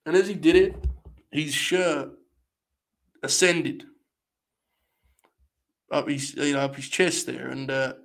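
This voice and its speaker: A man's voice: on the high side, slow pace, creaky, long pauses. A young man hosts a live watch-along, his slightly raised voice swinging between mock-solemn proclamations and loose, sweary rambling. He talks casually, as if chatting to regular viewers. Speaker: live-stream host.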